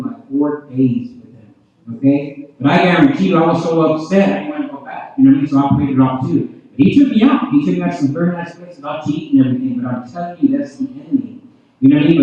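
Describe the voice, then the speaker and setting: A man's voice: a little high, animated, quick pace, mellow. A man preaching his testimony at a revival service. He keeps addressing the crowd and asking "you know what I mean?". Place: large church hall. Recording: tinny, very echoey hall from far off.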